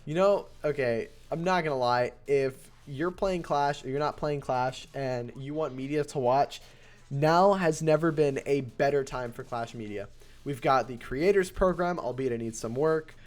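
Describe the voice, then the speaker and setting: A man hosting a casual live stream, chatting, laughing often and thanking donors as he comments on matches. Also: medium pitch. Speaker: streamer and host.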